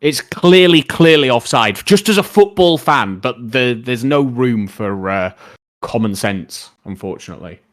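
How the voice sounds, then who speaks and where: A young man chatting live to his viewers. He rambles through football opinions with frequent fillers and restarts, and picks up questions from the chat. His voice sits at an ordinary middle pitch. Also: lively intonation, unhurried. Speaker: streamer. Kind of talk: casual live-stream chat.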